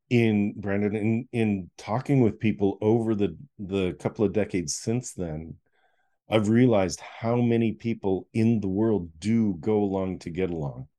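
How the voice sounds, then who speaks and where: A middle-aged man telling a personal story as a podcast guest, acting out the voices. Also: on the low side. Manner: animated storyteller who acts out voices. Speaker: guest, author.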